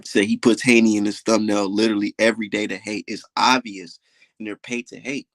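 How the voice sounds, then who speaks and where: A man's voice: on the low side, level tone, fairly quick, dry recording. A young man hosting a livestream, ranting in a boastful, dismissive way with heavy swearing. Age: young adult. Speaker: livestream host. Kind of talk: profane livestream rant.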